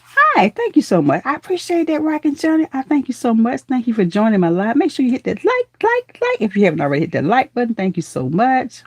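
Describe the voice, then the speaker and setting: A woman hosting a casual live-stream chat, affectionate and lively, calling her viewers honey, baby and girl as her voice jumps up in excited greetings. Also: a little high, brisk, husky, no room sound, clean studio sound.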